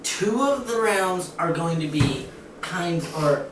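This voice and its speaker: A man's voice: sits high, lively intonation, slow pace. A young man casually setting up a joke challenge and telling jokes in a loose, rambling way. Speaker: channel co-host. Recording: distant echoey room with noise behind.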